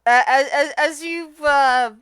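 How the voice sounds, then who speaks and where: A woman's voice: sits high, takes it slowly, fairly bright tone, no echo. A woman running a tabletop game as game master, narrating in a rambling, filler-heavy way.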